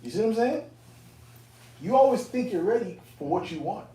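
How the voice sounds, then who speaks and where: Animated, profane storyteller man, roomy distance. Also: sits high, moderate pace. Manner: animated, profane, streetwise talk. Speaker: elder speaking to fellow believers. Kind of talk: casual testimony storytelling. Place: indoor camp meeting room. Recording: roomy, distant mic, faint room noise.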